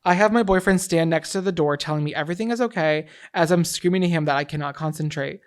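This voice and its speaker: A woman co-hosting a podcast, reading listener stories and adding emphatic, animated commentary. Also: sits low, fast. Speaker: podcast co-host. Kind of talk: casual chat, reading listener stories aloud.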